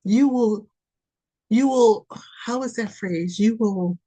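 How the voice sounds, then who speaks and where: A woman with a slightly high, husky voice reads slowly on her spiritual podcast. Her delivery is impassioned and pleading, repeating itself and swinging from loud urging down to soft near-whispers.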